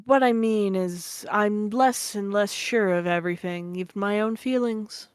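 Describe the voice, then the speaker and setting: A woman's voice: mid-range voice, measured pace, clear, resonant tone, dry recording, studio quality, close to an everyday voice. Kirigiri, a woman reading as a guarded girl detective. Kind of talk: dramatic reading of game dialogue.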